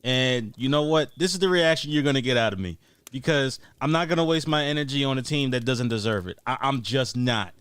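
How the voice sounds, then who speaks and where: A man's voice: mid-range voice, brisk, smooth, no room sound. A man, co-hosting a sports podcast, ranting emphatically and repeating his points as he builds up steam. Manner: emphatic, repetitive, rising to near-shouting on points. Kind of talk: heated sports talk rant.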